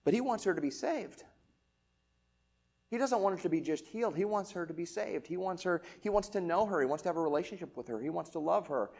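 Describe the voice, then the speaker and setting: A man preaching a sermon in a relaxed, talky way, full of "right?" asides to the congregation. His voice sits a little higher than most men's. He swings from loud, emphatic lines to quiet, close remarks. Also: brisk, gravelly. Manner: casual conversational preaching with rhetorical questions. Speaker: pastor.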